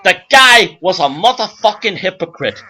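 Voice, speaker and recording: A man playing a sleazy, brash male nightclub comedian who works a crowd with crude, shouty patter. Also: sits high, lively intonation, moderate pace, pitched above the performer's own voice, full character voice.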